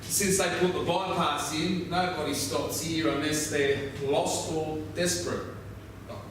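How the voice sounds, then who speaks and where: An actor with an Australian accent playing a weathered, laconic outback roadhouse local who drawls through a swearing yarn. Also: male voice, on the high side, steady tone, measured pace, close to an everyday voice. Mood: wry. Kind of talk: theatrical monologue. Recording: very echoey, distant mic, noisy ambience.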